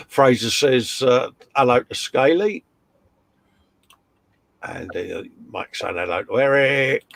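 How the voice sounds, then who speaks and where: A man's voice: medium pitch, takes it slowly, vocal fry, pauses often, a bit bright. A man co-hosting a casual live stream, reading out viewer comments with jokey, matey banter. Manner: jokey, matey banter, calls everyone mate and fella. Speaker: co-host of a live modelling chat stream.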